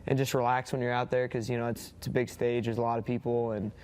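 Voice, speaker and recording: A young college athlete answering interview questions modestly, stumbling and restarting often. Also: male voice, medium pitch, level tone, a little mellow. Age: young adult. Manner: modest, halting, lots of restarts. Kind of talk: casual interview.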